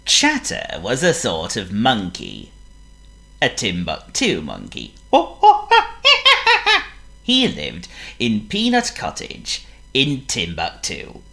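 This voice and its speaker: A woman reading a children's story aloud, playful and expressive. Her voice is unusually deep for a woman yet bright. She reads slowly with huge swings in pitch. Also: vocal fry.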